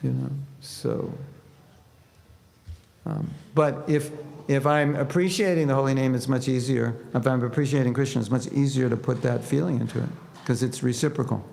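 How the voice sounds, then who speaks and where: Gravelly-voiced man preaching in a hall. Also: mid-range voice, moderate pace. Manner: conversational, animated when quoting prayers. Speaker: spiritual teacher. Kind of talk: sermon with humor. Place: temple hall. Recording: reverberant hall with faint noise.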